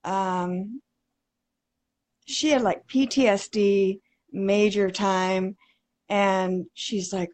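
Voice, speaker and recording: A woman in her thirties, emotionally shaken, speaking haltingly with many hesitations as a guest on a video call. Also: medium pitch, fairly even intonation. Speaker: interview guest.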